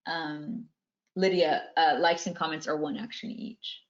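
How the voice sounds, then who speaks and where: A woman's voice: low-pitched, fairly even intonation, unhurried. A woman hosting a live online webinar, reading out viewer questions and answering them with repeated words of caution. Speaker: webinar host teaching music marketing. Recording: dull lo-fi webinar audio.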